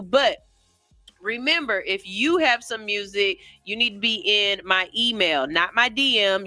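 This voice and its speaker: A woman's voice: mid-range voice, pushed and bright, no echo. A woman hosting a morning radio show, chatting in a playful, teasing way. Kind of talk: casual morning radio chat. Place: radio studio.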